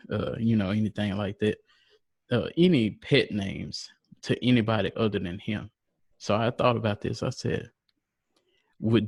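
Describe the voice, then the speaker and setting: Low voiced dude hosting a chill podcast, laughs a lot, dry close sound. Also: male voice, vocal fry, no room sound. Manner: laughing, chatty, poses questions to co-hosts. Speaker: podcast host. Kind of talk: casual podcast chat.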